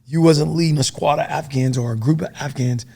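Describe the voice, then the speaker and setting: A middle-aged man and former soldier, a podcast guest telling stories in a casual, profane, animated way. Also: fairly high pitch, fairly quick, vocal fry. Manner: profane, animated storytelling full of dude and man.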